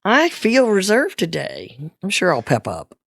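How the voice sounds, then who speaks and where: Woman cohosting a chatty podcast, pitch bouncing all over, dry close sound, kinda low-key. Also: wildly swooping pitch, measured pace, gravelly, no echo. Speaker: podcast co-host. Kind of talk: casual chat.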